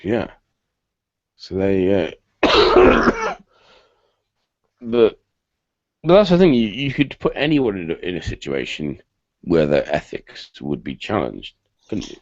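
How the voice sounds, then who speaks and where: A deep-voiced British man hosts a laid-back video-call chat, his pitch swooping wildly as he speaks slowly with long pauses. He rambles and keeps restarting. The recording is dry, with muffled lo-fi audio from a computer mic.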